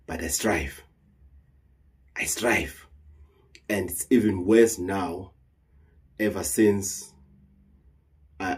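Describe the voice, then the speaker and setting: A deep, slightly mellow male voice with a breathy edge belongs to a South African traditional healer giving an emotional monologue to camera. He's heated and earnest, repeating words and weaving in Zulu phrases.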